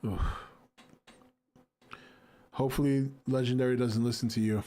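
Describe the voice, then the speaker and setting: A man's voice: mid-range voice, normal speed, darkish tone. A man in his forties hosting a casual livestream, reading and answering chat with a laid-back, jokey manner.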